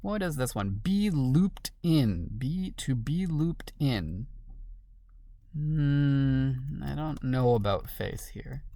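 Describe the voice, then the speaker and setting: Slow, very low-voiced woman musing aloud. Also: animated, dark tone, no echo. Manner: muttering to herself, musing and questioning. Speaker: crossword solver. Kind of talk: thinking aloud while solving a puzzle.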